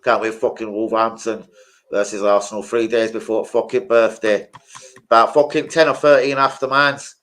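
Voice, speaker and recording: A young man with a lowish voice tells crude, swear-filled stories on a casual live stream, speaking at normal speed. His storytelling is animated, and the audio quality is poor.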